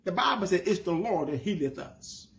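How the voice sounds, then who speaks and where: Southern preacher, man, high-pitched voice, emphatic bursts and stretched-out phrases. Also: animated. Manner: preaching with rising emphatic bursts and slow drawn-out lines. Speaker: pastor. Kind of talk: sermon.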